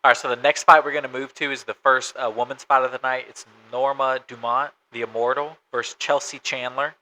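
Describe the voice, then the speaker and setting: Bright-toned man reading fight odds. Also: mid-range voice, level tone, a little fast, low-quality recording. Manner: matter-of-fact, reads stats and odds. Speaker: podcast co-host. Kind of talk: casual sports podcast chat.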